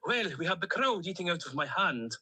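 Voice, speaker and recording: A chatty male plastic toy duck, voiced by a man tells his comic tale in a Stornoway Scottish accent. The voice sits high and sharply bright, with a husky, breathy grain. He rambles on in a cheerfully self-pitying way. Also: big pitch swings, a little fast, exaggerated voice, rough recording. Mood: cheery, rambling. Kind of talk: comic character monologue.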